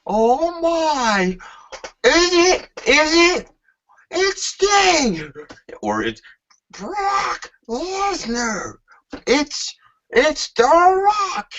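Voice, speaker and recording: A man doing a mocking impression of a male wrestling announcer who screams drawn-out exclamations. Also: very high voice, sing-song, fairly bright tone, slight background noise, pitched above the performer's own voice, exaggerated voice. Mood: overexcited. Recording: dull lo-fi.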